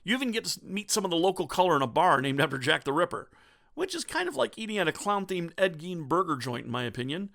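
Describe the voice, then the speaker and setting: A man's voice: on the high side, very animated, fast, gravelly, a bit bright. A man giving a wry, joking scripted review of an old game.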